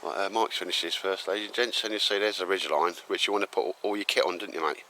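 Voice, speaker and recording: Bright-voiced teasing man outdoors. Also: deep voice, fairly even intonation, a little hiss or hum, rough recording. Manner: joking, teasing, quick laughs. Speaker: vlogger filming a woods day out. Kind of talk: casual banter to camera. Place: outdoors in woodland.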